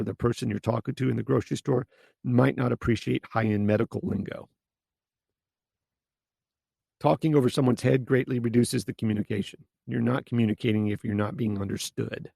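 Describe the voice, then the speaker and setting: A man's voice: mid-range voice, gravelly, a little mellow, breathy edge, no room sound. A man hosting a solo advice podcast, talking bluntly and casually with mild swearing. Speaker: podcast host and coach.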